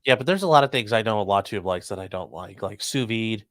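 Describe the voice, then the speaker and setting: A man's voice: fairly low pitch, lively intonation, fast talker, fairly bright tone, no room sound. Laid-back man hosting a casual chat. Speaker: host.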